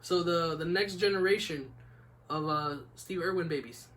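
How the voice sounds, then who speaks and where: A man's voice: a little high, normal speed, fairly bright tone, a little hiss or hum. A young man hosting a casual podcast, rambling laid-back with lots of "like" and "man.". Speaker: podcast host. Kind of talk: casual chat.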